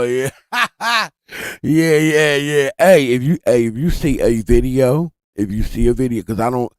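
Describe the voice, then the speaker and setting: A man's voice: medium pitch, no room sound, clean studio sound. A man hosting a live stream, talking animatedly to his chat in a casual, profane way. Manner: animated, swears freely, addresses chat directly. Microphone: desk mic.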